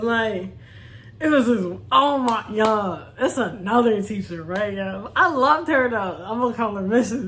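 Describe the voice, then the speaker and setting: A young woman chatting casually to her viewers, laughing often and calling them y'all. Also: medium pitch. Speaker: vlogger. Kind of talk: casual storytime chat.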